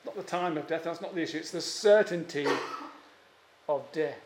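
A man's voice: fairly high pitch, moderate pace, darkish tone, reverberant. A man preaching an expository sermon, emphatic and given to repeating key phrases, with frequent fillers.

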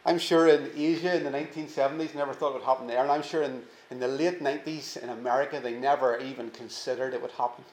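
A man preaching a sermon, earnest and emphatic, slowing down to stress key words. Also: mid-range voice, steady tone, echoey room, rough recording. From England.

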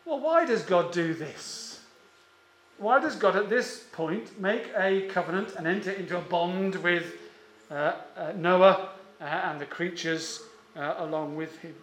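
A man preaching a sermon in a church, measured and emphatic, with slow drawn-out stresses and frequent "uh" pauses. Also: high voice, a bit bright, reverberant.

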